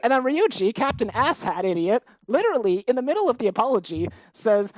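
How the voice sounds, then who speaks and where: A woman's voice: a little high, very animated, a little fast, few pauses, a little mellow, no echo, poor audio. A woman co-hosting a podcast, ranting heatedly with lots of swearing and exasperation. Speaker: podcast co-host. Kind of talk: casual chat.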